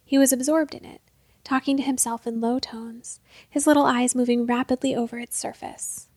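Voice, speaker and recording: A woman reading a story aloud as narrator, in a steady, measured way. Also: high voice, no echo. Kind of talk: scripted narration.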